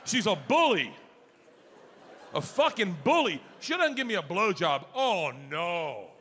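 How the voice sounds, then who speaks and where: Stand-up comic, male, loud storyteller with a bright, forceful voice on a handheld mic. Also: high-pitched, a little slow, slight background noise. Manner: loud, animated storytelling that jumps into shouted voices. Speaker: stand-up comedian. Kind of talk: stand-up comedy set. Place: comedy club stage before an audience.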